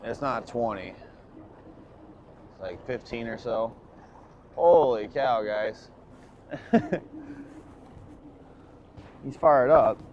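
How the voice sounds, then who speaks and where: A man commercial fishing on a boat, live-streaming to his chat and swinging from hyped shouts to low muttering. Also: very slow, long pauses, muffled recording, slight background noise.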